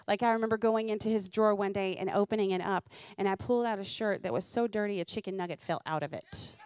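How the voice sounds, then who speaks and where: A middle-aged woman comedian, telling family stories with laughter and quick asides. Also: medium pitch, no echo, clean studio sound. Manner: animated, laughing, self-deprecating. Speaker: comedian host. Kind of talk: stand-up storytelling.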